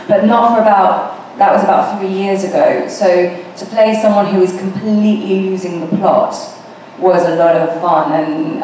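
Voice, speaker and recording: A woman's voice: on the low side, a little mellow, a little hiss or hum. A woman speaking as a guest at a screening discussion, thoughtful and hesitant with many fillers. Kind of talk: panel discussion. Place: large event hall. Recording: echoey hall, distant mic.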